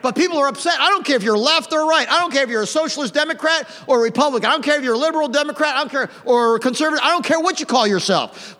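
Pastor, hellfire sermon, mocking asides; high, animated voice, big hall reverb. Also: male voice, racing, few pauses. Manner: swings from quiet to loud, mocking asides. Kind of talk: old-fashioned hellfire sermon.

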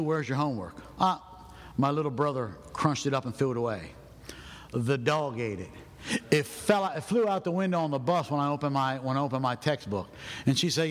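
A man's voice: mid-range voice, fairly quick. Folksy preacher man in a reverberant hall. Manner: folksy, builds to shouting. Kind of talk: sermon storytelling. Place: church.

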